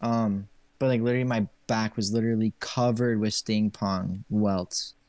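A man's voice: lowish voice, steady tone, moderate pace, a little mellow, dry recording. Laid-back young man, dry close sound. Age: young adult. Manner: laid-back, swears casually, says dude. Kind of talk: casual chat.

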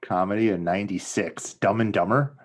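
A man's voice: fairly low pitch, a little fast, breathy edge. A man co-hosting a podcast, giving short replies in casual movie chat and laughing easily. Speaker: podcast co-host.

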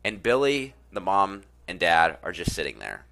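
Bright-voiced earnest man on self-improvement. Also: low-pitched, wildly swooping pitch, normal speed, gravelly. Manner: earnest, repeats phrases, frequent fillers. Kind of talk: casual spoken talk and storytelling.

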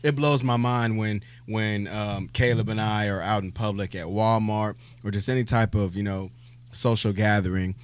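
A man's voice: lowish voice, fairly even intonation, normal speed, a little hiss or hum. A man in his thirties co-hosting a casual podcast, easygoing and agreeable, often dropping his voice. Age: 30s. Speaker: podcast co-host. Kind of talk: casual chat.

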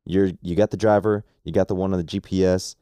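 A man's voice: deep voice, flat delivery, fast talker, warm tone, clean tone, dry recording, clean studio sound. A laid-back man co-hosting a podcast, chatting casually and reacting to stories. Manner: laid-back, easygoing, laughs along. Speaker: podcast host.

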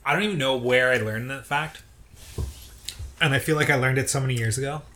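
A man co-hosting a podcast in casual chat, animated and jokey, swearing freely. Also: medium pitch, brisk. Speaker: podcast co-host. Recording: echoey room, faint noise.

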